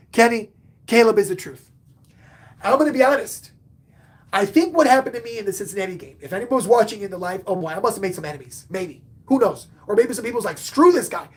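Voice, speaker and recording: A man hosting a casual live-stream sports talk show, excitable, swinging between loud outbursts and muttered asides. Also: high-pitched. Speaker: podcast host and sports fan; bartender.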